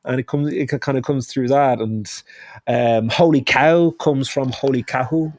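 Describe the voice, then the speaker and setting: A man's voice: medium pitch, moderate pace, a little mellow, no room sound, clean studio sound. A man speaking as a chef guest in a casual interview, hesitant and often restarting his phrases.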